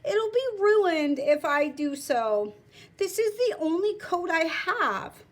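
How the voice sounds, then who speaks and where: A woman's voice: very high-pitched, big pitch swings, slow pace, pitched above the performer's own voice, full character voice. A woman voicing a poor male farmer in a story she reads aloud, pleading for mercy.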